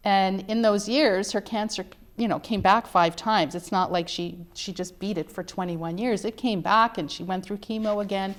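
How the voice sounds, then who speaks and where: A woman's voice: mid-range voice, moderate pace, few pauses. A middle-aged woman, an author being interviewed, telling her family's story in an earnest, emphatic way. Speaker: author guest. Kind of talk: interview conversation.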